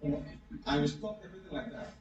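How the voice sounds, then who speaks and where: A man's voice: on the high side, expressive, quick pace, darkish tone. A pastor giving an interactive sermon, repeating his questions to the congregation over and over. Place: church hall. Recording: echoey, distant, dull room recording.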